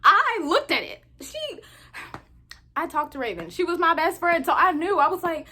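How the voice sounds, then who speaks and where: A young woman in her twenties telling casual storytime anecdotes to her viewers, chatty and animated. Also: extremely high pitch, a little fast. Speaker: vlogger.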